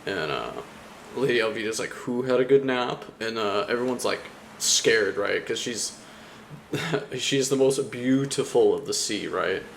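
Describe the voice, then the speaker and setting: A man's voice: fairly low pitch, animated, measured pace, vocal fry, fairly bright tone, slight background noise. A young man chatting casually about a comic, rambling with lots of fillers and frequent laughter. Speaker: anime vlogger. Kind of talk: casual chat.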